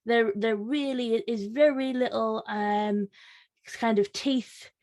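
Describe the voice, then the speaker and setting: A woman's voice: on the high side, fairly even intonation, takes it slowly, darkish tone. A woman speaking as a guest on a political panel, hesitant with many fillers and restarts. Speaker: panel guest, Labour councillor. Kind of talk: casual panel discussion.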